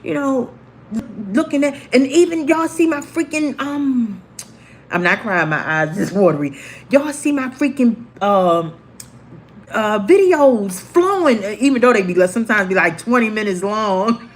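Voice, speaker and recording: A woman's voice: fairly high pitch, a little slow, slight background noise. A woman in her forties, casually telling a personal story to viewers on a livestream and acting out the voices of the people in it. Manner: animated, acts out quoted voices. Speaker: livestream host.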